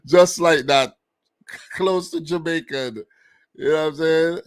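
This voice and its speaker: A Vincentian man from Saint Vincent co-hosts a casual football chat, his voice on the high side and a little slow. He's laid-back and slangy, slipping into island dialect, and the recording is dry.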